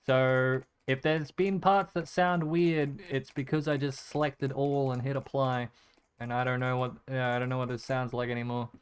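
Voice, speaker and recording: A man's voice: medium pitch, level tone, moderate pace, clean tone. A male gaming streamer giving casual gameplay commentary, muttering repeated item names as he clicks and swearing often.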